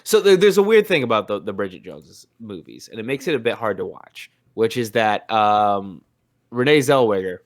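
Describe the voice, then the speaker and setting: A man's voice: lowish voice, big pitch swings, normal speed. Rambling young man on a podcast. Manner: rambling, many restarts and fillers. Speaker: podcast co-host. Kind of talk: casual chat.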